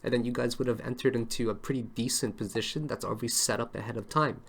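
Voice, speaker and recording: Teaching trading charts on a relaxed live stream, this male crypto analyst keeps asking his viewers "right?" and "okay?" in a chatty way. He speaks at a quick pace in a steady, medium-pitched voice.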